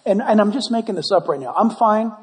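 A man preaching a sermon as pastor, animated and conversational with jokes. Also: high voice, fairly quick, noisy background. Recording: long church hall reverb.

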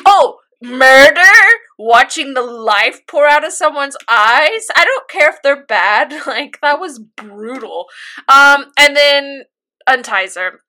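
Bright-voiced young woman recapping an anime. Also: sits high, slow pace. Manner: animated recap with acted-out quotes and laughs. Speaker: podcast co-host recapping an anime. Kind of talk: casual chat.

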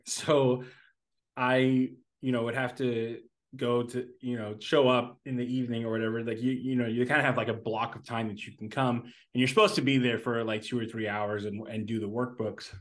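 A man's voice: mid-range voice, little pitch movement, moderate pace. Rambling man telling stories. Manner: rambling, many fillers and restarts, laughs while telling stories. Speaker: podcast co-host. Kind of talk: casual storytelling chat.

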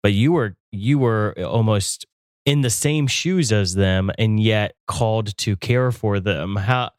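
A man hosting a faith podcast, asking a long question haltingly, searching for his words. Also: fairly low pitch, no room sound, clean studio sound. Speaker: podcast host. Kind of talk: interview questions.

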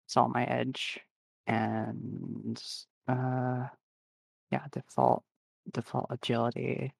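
A man's voice: mid-range voice, slow pace, gravelly, husky, no room sound. A man playing a tabletop game, describing his character's moves in a rambling, offhand way. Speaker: player. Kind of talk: casual chat, tabletop game.

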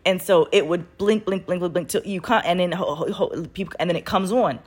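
An adult woman telling a personal story in a casual, animated way, swearing freely and laughing often as she talks. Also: lowish voice, a little fast, breathy edge. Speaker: vlogger.

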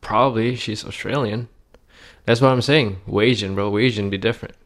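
A man's voice: fairly low pitch, moderate pace, a bit bright. A man from Indonesia co-hosting a podcast, chatting in an easygoing, eager way. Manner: easygoing, enthusiastic, says "bro" often. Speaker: podcast co-host. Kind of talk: casual chat.

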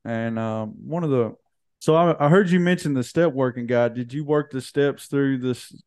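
A man's voice: medium pitch, normal speed, darkish tone, clean tone. A man hosting a casual interview, reacting with short, laid-back remarks. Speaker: host.

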